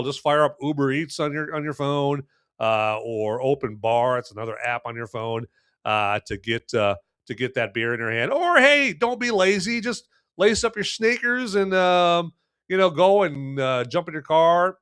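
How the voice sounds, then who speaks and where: Folksy male podcast host, loose and rambling, clear voice, dry booth sound. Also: mid-range voice, a bit bright, no echo. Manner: rambling, folksy, many fillers and restarts. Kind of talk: casual live-stream beer review.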